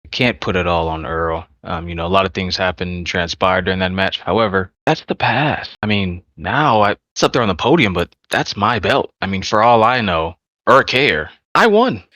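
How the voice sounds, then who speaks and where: A man's voice: low-pitched, animated, moderate pace, few pauses, sharp tone, no room sound. A man playing a cocky wrestler in voice chat role-play, talking smugly and teasing. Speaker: virtual wrestler in a press conference.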